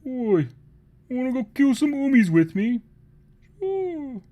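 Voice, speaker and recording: Scrappy high-voiced orc grunts, done by a man, brash and rough-spoken. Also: very animated, slow pace, lo-fi sound, exaggerated voice. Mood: gleeful. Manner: cockney-style orc slang, squeaky and brash. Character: squabbling rough male orcs, high and scrappy.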